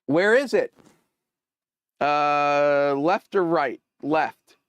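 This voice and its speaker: A man hosting a casual live stream, thinking aloud as he troubleshoots and answers viewers' chat with hesitant, halting phrasing. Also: on the high side, fairly bright tone, smooth, no echo. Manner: hesitant, many fillers and restarts.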